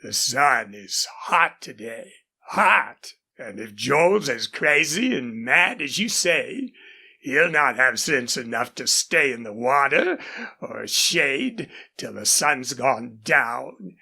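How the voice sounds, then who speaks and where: A woman voicing an older male rancher, an indulgent, horse-proud father, in a husky, drawling audiobook character voice. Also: rumbling low, sing-song, slow pace, bright, forceful tone, full character voice.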